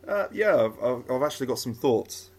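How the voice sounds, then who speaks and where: A man's voice: mid-range voice, animated, normal speed. A man co-hosting a podcast, hesitant and self-mocking, putting on a mock-presenter delivery. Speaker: podcast co-host. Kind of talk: casual chat.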